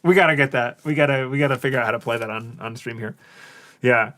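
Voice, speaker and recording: A man co-hosting a live stream, talking casually through his moves in a card game and trading quick jokes with his opponent. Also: mid-range voice, a bit bright. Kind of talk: casual chat while playing.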